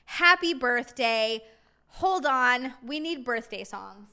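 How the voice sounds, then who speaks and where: A woman's voice: on the high side, animated, slow, pushed and bright, clean tone. A woman streamer chatting casually with her viewers while eating, often giggling. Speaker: live streamer. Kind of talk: casual live-stream chat.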